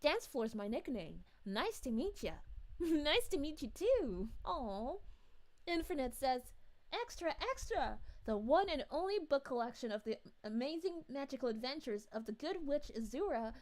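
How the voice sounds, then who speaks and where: A woman's voice: high voice, very animated, moderate pace, darkish tone. A woman voicing a cheerful, gushing female city mayor in an in-character livestream, bubbly, giggly and sweetly polite. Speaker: VTuber streamer.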